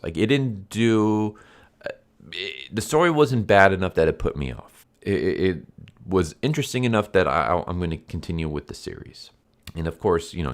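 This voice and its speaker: A congested man with a sore throat, giving a rambling, easygoing comic book review on his channel. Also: low voice.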